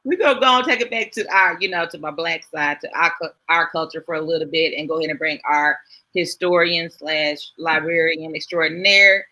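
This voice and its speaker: A woman's voice: low voice, brisk, bright, forceful tone. A woman co-hosting a casual live-stream talk show, upbeat and teasing, laughing often between plugs for the show. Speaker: co-host.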